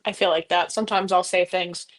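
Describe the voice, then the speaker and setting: A woman's voice: lowish voice, steady tone, a little fast. A woman co-hosting a podcast, asking questions in a curious, chatty way. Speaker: podcast co-host. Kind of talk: casual podcast conversation.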